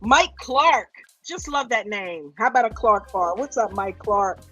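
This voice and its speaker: A woman's voice: medium pitch, expressive, unhurried, a bit bright, slightly rough, muffled recording, soft background music. A woman hosting a livestream, casually greeting viewers one by one in a playful, teasing, affectionate way. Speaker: host.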